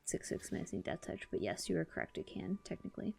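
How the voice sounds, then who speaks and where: A woman streamer giving casual commentary on her own card game, talking to herself and swinging from low mutters to excited squeals. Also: fast, vocal fry, husky, faint music behind.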